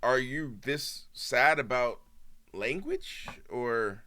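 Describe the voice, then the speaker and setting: A man streaming and reacting to a video in a heated, casual rant, swearing often and swinging between loud outbursts and low muttering. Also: expressive, extremely slow. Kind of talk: casual ranting commentary.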